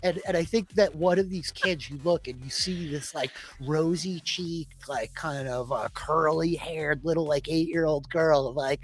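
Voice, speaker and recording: A woman's voice: low voice, unhurried, hardly any pauses, dry recording, faint music behind. A woman running a tabletop game as dungeon master, narrating in a casual, rambling way. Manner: casual, rambling, lots of fillers.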